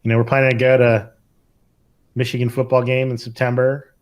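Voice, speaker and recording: Middle-aged guy on a podcast, kinda halting, lots of um and you know, talks it through slow. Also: mid-range voice, flat delivery. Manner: thoughtful, halting, many fillers and restarts. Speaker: emergency physician co-host. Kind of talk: casual podcast chat.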